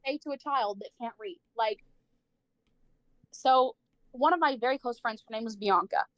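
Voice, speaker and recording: A woman's voice: a little high, normal speed, a bit bright, no echo. A woman livestreamer telling a personal story in casual chat, saying "like" a lot, swearing freely and acting out the people she quotes.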